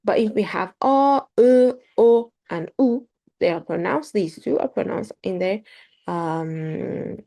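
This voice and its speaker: A woman teaching a beginner pronunciation lesson, speaking slowly and carefully, repeating words with frequent ums. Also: mid-range voice, lively intonation, gravelly, warm tone. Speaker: language teacher.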